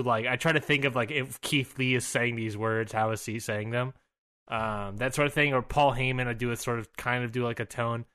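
A man's voice: mid-range voice, bright, forceful tone. A man co-hosting a podcast, recapping wrestling in a rambling, upbeat way with many fillers and restarts. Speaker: podcast co-host. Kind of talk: casual wrestling recap chat.

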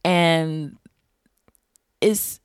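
Woman podcast guest, unhurried, vivid storyteller. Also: sits low, fairly even intonation, smooth, no room sound. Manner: vivid storyteller, addresses listeners as y'all. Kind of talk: casual storytelling.

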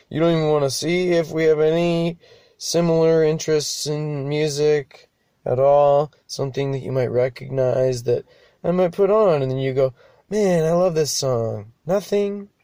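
A man's voice: on the high side, steady tone, normal speed, warm tone, clean tone, dry recording, clean studio sound. A young man hosting a show alone, rambling casually, swearing often and laughing at himself. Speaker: podcast host. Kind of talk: casual monologue.

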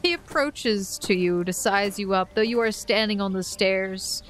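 A woman narrating a tabletop role-playing game as game master, descriptive and unhurried. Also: mid-range voice, soft background music. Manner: descriptive, unhurried, with soft laughs.

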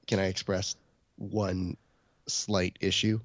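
Low-voiced man telling a story on a podcast. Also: slow pace, dry recording, highs cut off. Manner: storytelling, quoting others in animated voices. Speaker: podcast co-host. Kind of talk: casual chat.

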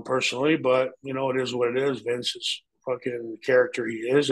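A man's voice: medium pitch, rough recording. A man in his fifties recounting his wrestling days with blunt, profane candor. He talks in a mid-range voice, rambling through stories with plenty of fillers. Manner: profane, blunt, animated when quoting others. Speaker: retired pro wrestler guest. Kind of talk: candid storytelling interview.

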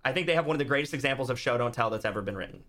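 A man who is a YouTuber and author chats casually as a podcast guest, acting out movie scenes in quoted voices. His mid-range voice is expressive and a bit bright, and he races along.

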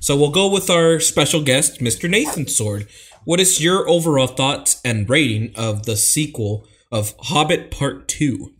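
A man's voice: a little high, lively intonation, measured pace, a bit bright, breathy edge. A man hosting a casual movie podcast, reading listener comments and steering the show toward the ratings. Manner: friendly, reads listener comments aloud, keeps the show moving. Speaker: podcast host. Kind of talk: casual chat.

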